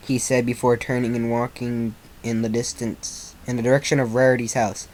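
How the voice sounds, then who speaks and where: A man reading a fan fiction story aloud in an amateur way, halting with slips and restarts. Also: mid-range voice, level tone, darkish tone, slight background noise.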